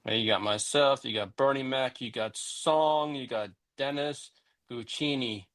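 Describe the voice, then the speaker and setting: A man on a podcast, running through a list in unhurried casual chat. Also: medium pitch, a bit bright.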